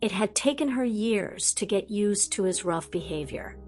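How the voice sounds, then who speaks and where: A woman narrating a fan fiction audiobook in a measured, unhurried reading. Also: medium pitch, lively intonation, a little mellow.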